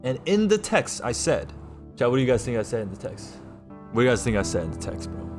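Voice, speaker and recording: A man's voice: mid-range voice, huge pitch swings, fairly quick, loud music behind the voice. Rambling young streamer man. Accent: New York. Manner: rambling, swings from loud to hushed. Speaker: livestreamer. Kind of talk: casual storytelling to chat.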